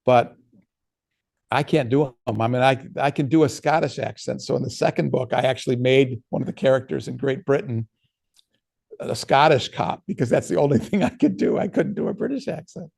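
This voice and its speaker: A man's voice: mid-range voice, a little fast, creaky, a little mellow. A man, an author, giving a casual workshop talk and answering questions, telling stories in a conversational way with frequent restarts.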